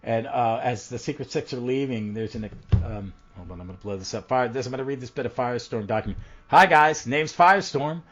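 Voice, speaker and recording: A man's voice: medium pitch, fast talker, few pauses, a little mellow. Man rambling through a comic recap. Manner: rambling recap with frequent ums and restarts. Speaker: podcast host. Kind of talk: casual comic book podcast chat. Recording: dull lo-fi audio.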